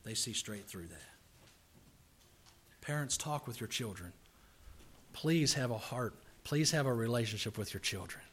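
A man preaching a sermon in a church service, earnestly pleading with and exhorting his congregation, rising to forceful emphasis. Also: mid-range voice, lively intonation, measured pace, pauses often, a little hiss or hum.

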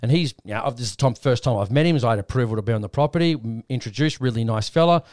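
Racing along in a medium-pitched voice, an Australian podcast host tells a rambling story in casual conversation. He animatedly acts out other people's lines, and the clean studio sound has no room sound.

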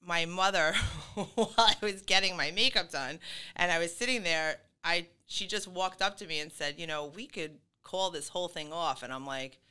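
Bright, clear-voiced chatty woman. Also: lowish voice, normal speed. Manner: chatty, full of fillers and laughs. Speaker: guest. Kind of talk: casual podcast conversation.

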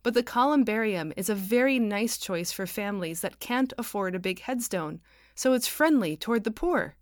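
A woman's voice: mid-range voice, animated, moderate pace, no room sound, clean studio sound, voice pushed up, natural voice. A woman doing a patient explaining woman. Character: patient earnest woman, idealistic.

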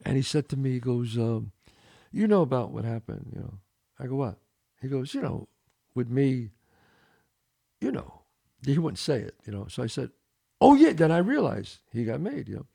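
An older man with a Brooklyn accent, hosting a podcast. His voice is gravelly with lots of fry, and his pitch swings widely as he tells a story in an animated way, acting out the dialogue with a few curses. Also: a little fast. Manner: animated, swearing, acts out dialogue. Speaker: podcast host. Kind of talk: storytelling in casual interview.

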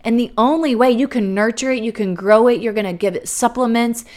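A woman giving a faith-based encouragement talk, earnest and animated, acting out worried inner voices and repeating key phrases for emphasis. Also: brisk. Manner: animated, acts out worried inner voices with big swings in pitch and loudness. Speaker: motivational speaker for people starting schools.

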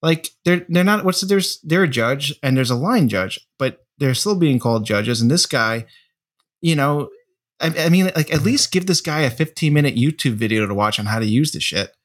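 A man's voice: fairly high pitch, expressive, normal speed. A man, the host, chatting casually with jokes and blunt, crude asides. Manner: joking,喜 reacts with laughs and crude asides. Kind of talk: casual chat.

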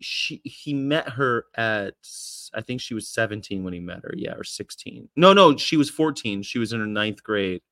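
A man's voice: on the low side, animated, moderate pace, few pauses, a bit bright, no room sound, studio quality. A man from the United States co-hosting a podcast over a video call, chatting casually in a blunt, profane, teasing way. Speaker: podcast co-host.

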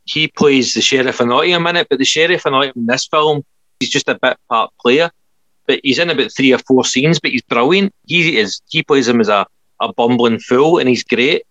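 A man's voice: mid-range voice, brisk, a bit bright, no room sound, dull audio. Man rambling through film gossip. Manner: laughing, rambling film reviews. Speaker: podcast co-host. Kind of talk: casual chat.

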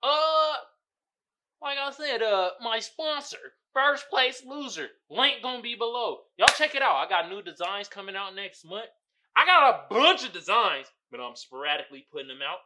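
Man, solo podcast host, casual, loud, swearing, laughing a lot, very lively voice, bright tone. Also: sits high, normal speed. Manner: loud, profane, laughs often, shouts exclamations.

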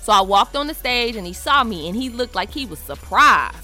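A woman telling a personal story in a casual, slangy, emphatic way, acting out the quoted lines with lively expression. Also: a little high, moderate pace, soft background music.

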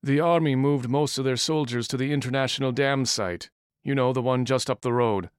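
A man voicing a loyal, fatherly older restaurant worker, gentle and earnest, in an audiobook. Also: mid-range voice, normal speed, clean tone, no echo, studio quality, natural voice. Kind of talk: audiobook character voice.

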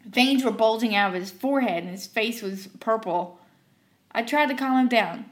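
A woman telling a story from her fast-food job in an animated way, acting out the characters. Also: on the high side. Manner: animated, acts out every character. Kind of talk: storytelling narration.

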